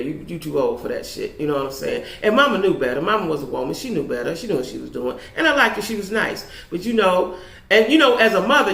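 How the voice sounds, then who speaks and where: Woman vlogger, candid and profane storyteller, fry in the voice, echoey room. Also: fairly low pitch, fairly bright tone. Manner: blunt, profane, tags lines with "right?". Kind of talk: storytime vlog. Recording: roomy echo.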